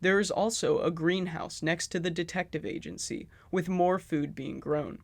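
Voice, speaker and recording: A man's voice: on the high side, fairly even intonation, normal speed, creaky, no room sound. A man giving sarcastic, profane commentary on a video game. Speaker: video essayist.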